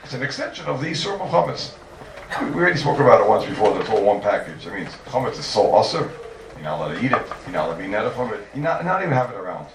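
A man's voice: fairly low pitch, rapid-fire. Man teaching a Talmud class from afar. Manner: animated, repeating points for emphasis. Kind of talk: Talmudic lecture. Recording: echoey room, distant mic, faint noise.

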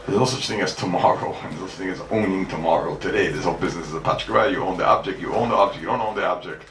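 A man's voice: low voice, rapid-fire, vocal fry. A man teaching Talmud to a congregation as a rabbi, emphatic, asking and answering his own questions and repeating key points. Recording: echoey room mic from far off, faint background noise.

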